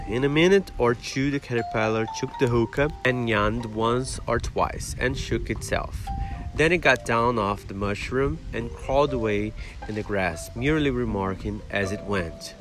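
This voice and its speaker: A man's voice: mid-range voice, moderate pace, low-quality recording. Brazilian man reading a storybook aloud. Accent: Brazilian Portuguese. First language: Portuguese. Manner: careful, with Portuguese asides. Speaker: reader teaching English. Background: background music.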